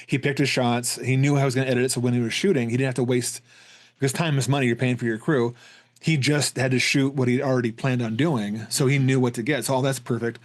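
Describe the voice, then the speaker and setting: Guy hosting a movie podcast, rambly, keeps restarting sentences, normal pitch. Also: fairly even intonation, quick pace. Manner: rambling, many restarts and repeated words. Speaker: podcast host. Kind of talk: casual film discussion.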